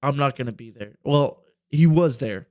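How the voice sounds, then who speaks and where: A man's voice: mid-range voice, normal speed, a little mellow, no echo, studio quality. A young man co-hosting a podcast, telling a long rambling story in casual chat, full of fillers and swearing. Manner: rambling, profane, filler-heavy. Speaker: podcast co-host.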